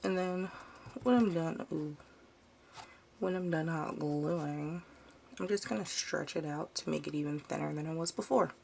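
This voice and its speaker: A woman's voice: sits low, measured pace, vocal fry, a little mellow, a little hiss or hum. Chatty young woman with a Baltimore accent. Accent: Baltimore, with a Southern drawl. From United States. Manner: chatty, easily sidetracked, uses "y'all". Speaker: DIY vlogger. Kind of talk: casual craft tutorial. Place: home.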